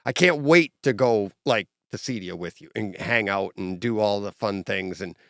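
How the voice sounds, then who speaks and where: A man's voice: on the low side, moderate pace, no echo, clean studio sound. A man hosting a podcast in casual chat, enthusiastic, laughing often and acting out quotes. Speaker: podcast host.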